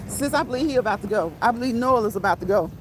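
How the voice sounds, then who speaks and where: A woman's voice: fairly high pitch, lively intonation, very fast. A woman, hosting a casual livestream chat while walking outdoors, playful and chatty, often laughing and talking straight to her chat. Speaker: livestream host. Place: outdoors on a city street. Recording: outdoor street noise with traffic.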